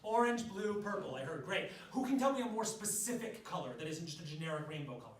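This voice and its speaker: Lively male workshop presenter in an echoey room. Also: quick pace. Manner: lively, demonstrative, leads the room through exercises. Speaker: music education workshop presenter. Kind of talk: live teaching workshop. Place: workshop room with a live audience. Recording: echoey room from far off, clear noise and low rumble.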